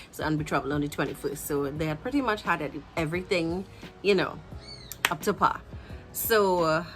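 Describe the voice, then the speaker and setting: A woman in her thirties with a Trinidadian accent, telling a casual storytime to her viewers in a chatty, animated way. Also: fairly low pitch. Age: 30s. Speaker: vlogger.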